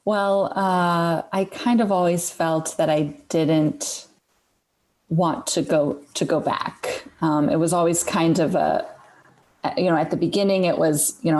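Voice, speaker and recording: A woman's voice: sits low, steady tone, measured pace, a little mellow. A woman guest talking casually, hesitant and full of fillers and restarts. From United States. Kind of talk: casual conversation.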